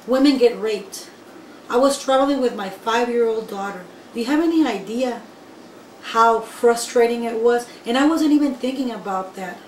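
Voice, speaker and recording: A woman from Guatemala, telling her own story in an interview in an animated, emphatic way and speaking straight to the listeners. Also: fairly high pitch. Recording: echoey room, voice from far off, faint background noise.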